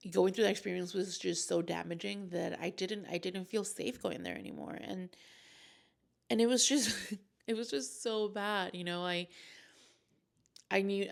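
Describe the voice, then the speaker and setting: A woman's voice: lowish voice, creaky. A young woman vlogger telling a personal story in a casual, emotional, rambling way with lots of fillers.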